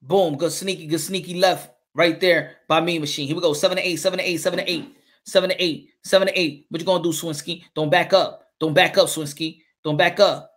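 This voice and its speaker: A man calling a boxing fight live as channel host, excitable, repeating his calls and swearing. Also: a little high, a little fast.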